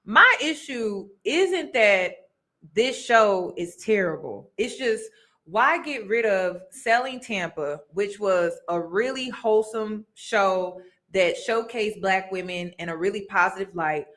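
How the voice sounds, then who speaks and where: Slow-paced yet animated, a woman with a mid-range, somewhat bright voice hosts a reaction vlog offering casual takes on a reality show. She addresses her viewers chattily and with emphasis, repeating what she says.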